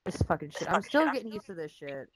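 A young woman in casual game chat, her low-ish voice rising and falling in a lively way. She is blunt and swears offhandedly, with a faint hiss behind her. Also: fast. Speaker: gamer in voice chat.

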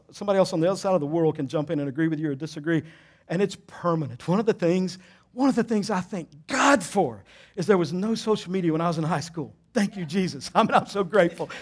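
A middle-aged man, a pastor, preaching a sermon with animated, emphatic storytelling and self-deprecating humor. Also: sits high.

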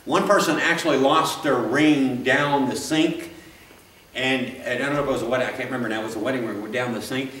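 A man's voice: medium pitch, steady tone, a little fast, a bit bright, slight background noise. A man preaching a sermon in a church, folksy and rambling, with frequent restarts and asides. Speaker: pastor. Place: church sanctuary. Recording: roomy, from a distance.

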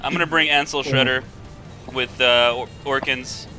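Calm squad leader, bright edgy tone, casual gamer talk. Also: male voice, medium pitch, normal speed, soft background music, low-quality recording. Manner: calm, giving instructions. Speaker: squad leader, channel host. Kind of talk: casual gaming voice chat.

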